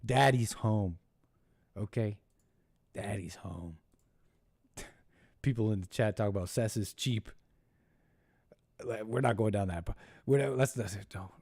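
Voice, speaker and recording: The fairly low, darkish voice of an American call-in show host is recorded dry with clean studio sound. Rambling and mocking, he adopts funny voices for the people he quotes, and his talk is halting, full of restarts and laughter.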